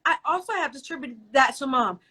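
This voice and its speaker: A woman talking in an animated, emotional way in casual chat, sharing warm family memories. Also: sits high, fast. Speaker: host.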